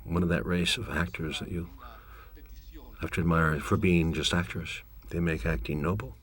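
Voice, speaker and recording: A man's voice: low-pitched, steady tone, moderate pace. A man giving a director's commentary, telling candid, wry, rambling stories about a film shoot. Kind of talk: director's commentary, reflective storytelling.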